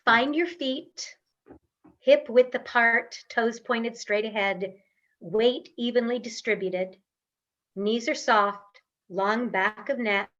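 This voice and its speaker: A woman voice coach leading an online workshop, guiding listeners through breathing in a slow, calm, instructive way. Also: on the high side, dull audio. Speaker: voice and speaking coach.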